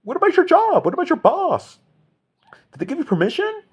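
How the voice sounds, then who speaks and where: A man putting on a shrill, incredulous voice to mock a nagging, job-obsessed busybody who squeals the same questions over and over in a comic rant. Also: huge pitch swings, a little fast, lo-fi sound, heavily acted. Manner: squealing, incredulous, repeats itself. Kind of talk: mocking impression in a comic rant.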